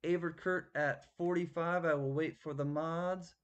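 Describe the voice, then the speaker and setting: A man's voice: a little high, fairly even intonation, unhurried, dull audio. A man running a live-stream coin auction, chatty and thanking bidders by name.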